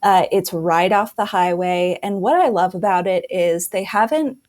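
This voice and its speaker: A young woman guest on a casual podcast interview, enthusiastic and quick to laugh. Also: lowish voice, darkish tone. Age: young adult. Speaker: guest, brand manager.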